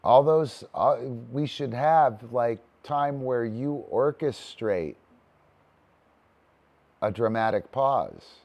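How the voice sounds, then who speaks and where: A man's voice: medium pitch, animated, slow, darkish tone. A man teaching a casual online disc dog training session, talky and loose, breaking into cheery cues to his dog.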